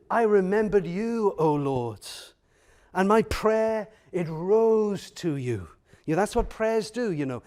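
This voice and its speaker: A man with a high-pitched voice preaches a sermon at an unhurried pace. He talks earnestly to his congregation, asks them questions and builds intensity through repeated phrases. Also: darkish tone. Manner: speaks directly to the congregation with questions. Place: church.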